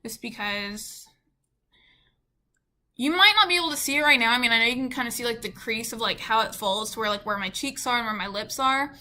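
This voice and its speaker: A woman's voice: on the high side, a little fast, pushed and bright. A woman with a Southern US accent telling a casual storytime to her camera, chatty and full of "like" and "you know.". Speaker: beauty vlogger.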